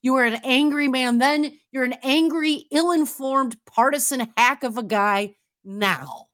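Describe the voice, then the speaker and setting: A woman's voice: high voice, measured pace, a bit bright, dry recording, studio quality. A woman hosting a political talk radio show, emphatic and sarcastic.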